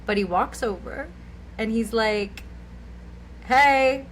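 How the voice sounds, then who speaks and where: A woman's voice: on the high side, normal speed, slight background noise, low-quality recording. A young woman co-hosting a podcast, telling a rambling, giggly anecdote full of "like"s in casual chat. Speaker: podcast co-host.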